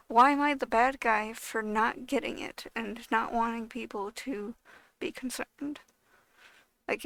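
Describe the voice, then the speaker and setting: A young woman speaking casually to camera, her slightly high voice gravelly and low-energy, dragging slowly along. She rambles in frustration, stacking fillers and swear words. The sound is close and dry. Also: a bit bright, dry recording. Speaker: vlogger.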